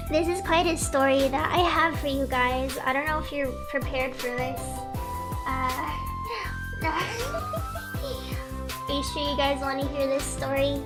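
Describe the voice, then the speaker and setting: A young woman VTuber telling a long story to her stream chat in a chatty, rambling way and breaking off to thank viewers. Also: sits high. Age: young adult. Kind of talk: casual livestream storytelling.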